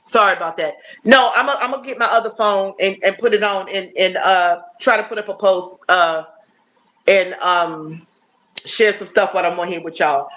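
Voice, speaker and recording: A woman in her fifties chatting casually and warmly to her viewers on a phone livestream, often checking in with "you know what I'm saying?". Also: mid-range voice, normal speed. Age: 50s. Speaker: livestream host.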